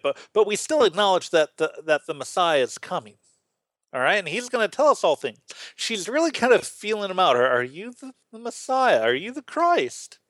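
A man hosting a casual Bible study talk, animated and full of restarts, playfully acting out voices as he tells stories. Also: sits high, no room sound. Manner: animated, acts out quoted voices, frequent restarts. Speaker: podcast host teaching the Bible.

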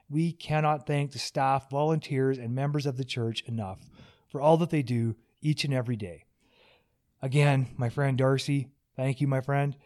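A man with a slightly higher voice hosts a relaxed podcast chat. He rambles and jokes, often at his own expense, and keeps a loose, friendly flow. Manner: joking, rambling, self-deprecating. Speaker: podcast host.

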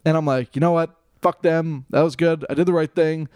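A male comedian telling a story on a podcast in casual chat, animated, swearing freely and laughing at himself. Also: fairly high pitch, brisk, clean tone, no room sound, studio quality.

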